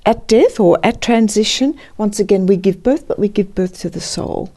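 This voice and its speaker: A woman's voice: medium pitch, normal speed, mellow. A woman, a counselor and former midwife, talking reflectively in an interview, searching for words with many restarts.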